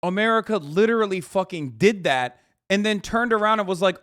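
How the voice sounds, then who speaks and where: A man's voice: high voice, lively intonation, fairly quick, a bit bright, dry recording, clean studio sound. A man reacting to a video as a streamer, ranting casually and profanely with lots of fillers. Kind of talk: casual commentary.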